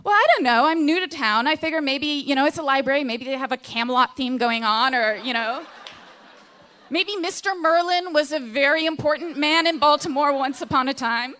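A woman telling a self-deprecating, animated comic story live to an audience. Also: high voice, moderate pace. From Seattle.

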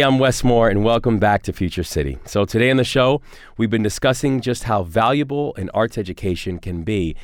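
A man's voice: fairly low pitch, no room sound, studio quality. A man hosting a talk show, introducing guests with enthusiastic, upbeat energy. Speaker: radio show host.

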